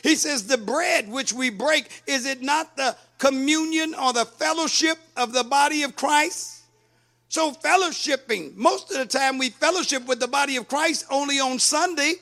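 A man preaching a sermon, fervent, breaking into shouts and sing-song cadences. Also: extremely high pitch, moderate pace.

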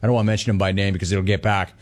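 A middle-aged man hosting a sports call-in radio show, telling stories in an animated, joking way. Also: sits low, rapid-fire. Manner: animated, jokey storytelling. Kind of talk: casual call-in radio talk.

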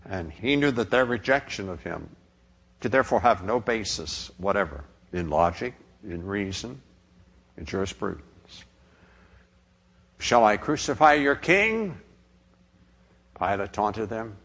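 A man preaching a sermon, dramatic in delivery and dropping to a hush on quoted words. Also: on the low side, normal speed, gravelly, breathy edge.

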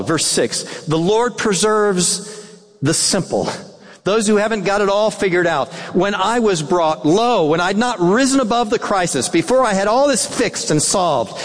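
Fairly high-voiced pastor guy preaching, lots of up and down, big echoey church. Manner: earnest, dips into soft hushed tones for quoted words. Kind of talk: sermon.

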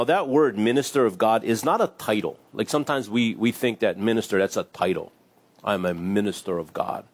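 A man preaching in a relaxed, chatty way. He reads scripture aloud and slips into playful little voices, laughing along. His voice sits at an ordinary middle pitch. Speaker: pastor. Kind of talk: casual sermon with scripture reading.

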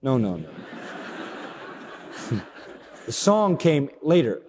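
A man's voice: very slow, slightly rough, in a large hall. A man preaching a sermon, who acts out the dialogue he quotes. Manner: expressive, acts out quoted dialogue with sweeping pitch.

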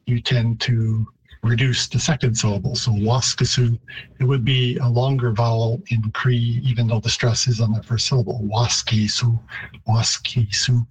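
A man, a linguistics professor, answering radio interview questions in a thoughtful, halting way with many restarts. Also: medium pitch, fairly even intonation, husky, rough recording.

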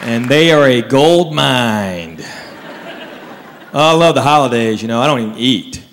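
A man's voice: medium pitch, lively intonation, measured pace, fairly bright tone, slight background noise. Man doing stand-up in a hall. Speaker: stand-up comedian. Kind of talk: stand-up comedy routine. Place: live comedy venue with audience. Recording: hall reverb with faint crowd.

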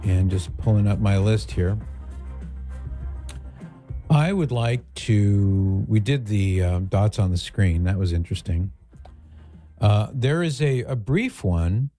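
A male radio host with a low, warm voice talks in a relaxed, rambling way, pausing with fillers as he sets up clips. The studio sound is close and dry, with soft music now and then. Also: no room sound. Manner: relaxed, conversational, with fillers and asides. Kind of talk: talk radio commentary.

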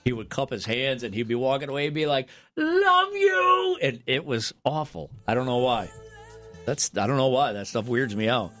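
A man's voice: mid-range voice, brisk. Blunt, wry middle-aged man, faint music. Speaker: radio co-host. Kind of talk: casual on-air banter.

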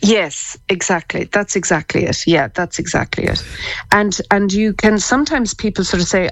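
A woman, talking as a guest therapist on a radio show, chatty and quick to laugh, often restarting her words. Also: mid-range voice, no echo, low-quality recording. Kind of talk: radio interview chat.

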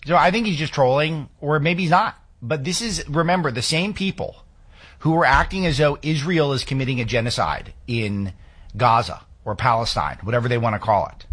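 A man's voice: mid-range voice, a bit bright, slightly rough. A man hosting a political talk radio show, talking in sarcastic, rambling asides from a studio booth.

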